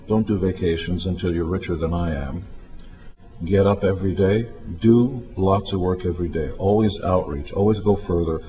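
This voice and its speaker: A man's voice: deep voice, moderate pace. A man giving blunt motivational advice in short, clipped commands. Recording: muffled clip with music behind.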